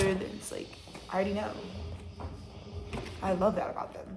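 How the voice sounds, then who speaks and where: A woman's voice: mid-range voice, little pitch movement, a little fast, long pauses, roomy sound, music in the background. A woman giving a casual, rambling tarot reading, talking bluntly and swearing freely. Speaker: tarot reader.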